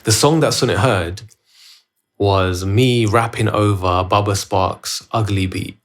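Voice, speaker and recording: A man with a lowish voice speaks slowly while storytelling on his own casual solo podcast, recording himself at home. He wanders through the tale loosely, restarting often.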